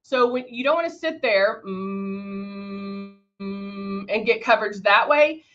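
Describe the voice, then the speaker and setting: A woman's voice: mid-range voice, slow pace, a bit bright, muffled recording, soft background music. A woman casually demonstrating airbrush makeup on a livestream, greeting viewers by name while she works. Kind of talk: casual live makeup demo chatting with viewers.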